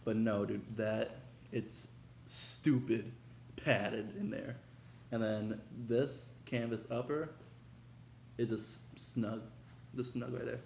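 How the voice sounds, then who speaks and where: Hyped young man with a gravelly voice. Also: medium pitch, slow pace, long pauses, slight background noise. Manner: excitable, slangy, hyped. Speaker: vlogger. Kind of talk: casual unboxing vlog. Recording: echoey room.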